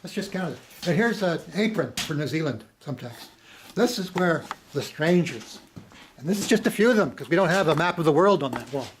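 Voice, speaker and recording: A man talking casually to camera at home, impassioned and profane, swinging from loud bursts to hushed whispers. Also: on the high side, animated, brisk, background noise. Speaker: monologuing about strangers and religion. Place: home with maps on the wall. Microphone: handheld camera.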